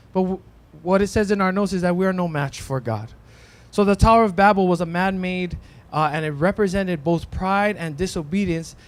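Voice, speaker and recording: At a church in Hawaii, a pastor with a voice on the high side gives a casual, conversational sermon. He thinks aloud, restarts himself, and often says "right?" There's no echo.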